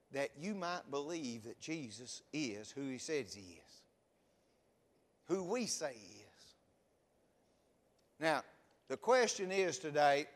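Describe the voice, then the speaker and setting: Man, pastor, high voice, sermon in a church, questioning the congregation. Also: in a large hall. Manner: rising and falling preaching cadence, questions to the congregation.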